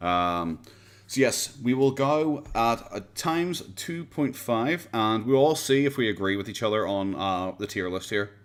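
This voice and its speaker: An Irish man with a smooth, lowish voice hosts a casual reaction livestream at a measured yet animated pace. Speaking into a USB condenser desk mic at home, with pets nearby, he rambles and chats, often laughing and casually swearing.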